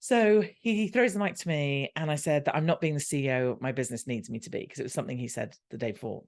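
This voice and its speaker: A woman's voice: rumbling low, fast talker. A British woman, a podcast guest, telling a story in casual chat and acting out the dialogue as she goes. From Britain. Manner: animated, acts out quoted dialogue.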